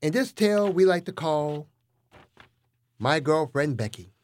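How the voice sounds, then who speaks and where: A man hosting a show of comic stories, narrating with an animated, deadpan delivery. His voice is slightly high and swings widely in pitch. He treats absurd lines as if they were ordinary news. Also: measured pace. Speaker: host and narrator. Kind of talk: comic storytelling.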